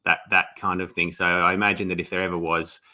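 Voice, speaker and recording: An Australian man, an author being interviewed, talking in a relaxed, rambling way with many restarts. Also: sits low, quick pace. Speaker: author guest. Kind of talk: casual interview.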